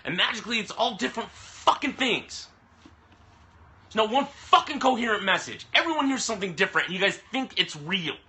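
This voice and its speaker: Profane ranting man, bright voice. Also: sits high, animated, brisk. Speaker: vlogger. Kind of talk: angry live-stream rant. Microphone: camera mic. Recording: phone or webcam live stream.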